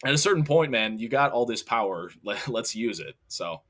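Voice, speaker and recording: Young male co-host, relaxed casual chat, easy laugh, average-pitched voice. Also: normal speed. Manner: relaxed, laughs easily, reads chat comments. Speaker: podcast co-host.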